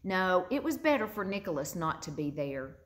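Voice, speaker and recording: A woman reading a children's story aloud with gentle expression. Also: lowish voice, very animated, moderate pace. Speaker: narrator.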